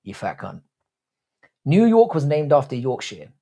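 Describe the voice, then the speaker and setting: This British livestream host is a young man with a mid-range, gravelly yet mellow voice whose pitch swoops wildly at a measured pace. He reads out what viewers write and answers with cocky, crude jokes, referring to himself as "your boy."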